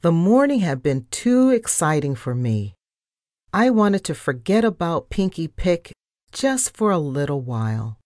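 A woman reading a children's storybook aloud, narrating and giving the characters' lines with lively expression. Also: low voice, no echo, clean studio sound.

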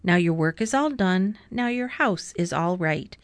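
A woman's voice: on the low side, animated, unhurried, no room sound. A woman reading as a boastful big storybook cat. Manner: showy, boasting, bossy. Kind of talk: storybook read-aloud.

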